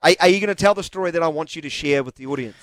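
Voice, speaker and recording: A man's voice: a little high, very fast, a bit bright, no room sound. A man with a New Zealand accent hosting a sports radio show, chatty and upbeat, reading sponsor lines. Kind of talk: casual radio chat.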